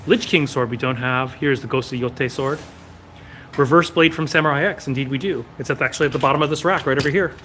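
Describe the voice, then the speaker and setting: A man's voice: mid-range voice, fast talker, fairly bright tone, slight background noise. A man hosting a casual live stream from a sword shop, reading viewer comments and answering them one after another.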